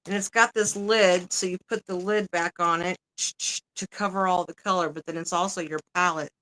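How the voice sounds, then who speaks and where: A woman's voice: on the low side, steady tone, moderate pace, a bit bright, low-quality recording. A woman hosting a casual crafting livestream, chatty and swearing casually as she works. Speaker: livestream host. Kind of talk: casual chat while crafting.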